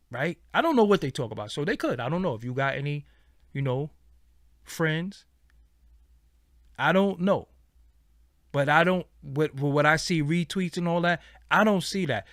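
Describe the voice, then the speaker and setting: A man with a slightly high voice holds forth in a casual, profane commentary monologue. His pitch swings widely as he tells it, and the recording is dry and close. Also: creaky, no echo. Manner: blunt, profane, animated storytelling. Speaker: show host.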